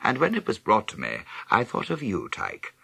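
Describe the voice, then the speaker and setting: A stern, quietly menacing headmaster, as a male reader puts him on speaks in a low, husky voice that swings widely in pitch. His words come measured and cutting. The delivery is dry and close for a storybook reading. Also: wildly swooping pitch, dry recording, heavily acted. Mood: coldly probing. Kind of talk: audiobook character reading.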